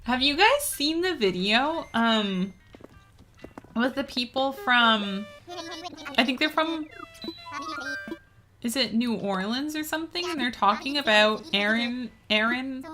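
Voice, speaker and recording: A woman's voice: on the high side, expressive, slow, long pauses, over music. A Canadian woman streaming a game, chatting casually in a rambling way with lots of fillers and easy laughs. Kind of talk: casual gaming stream chat.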